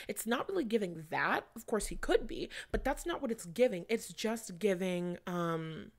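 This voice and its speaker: Brisk and barely pausing, an astrology reader with a medium-pitched, lively voice chats through a casual reading for her viewers. She's a young adult woman who rambles, uses plenty of fillers and swears casually.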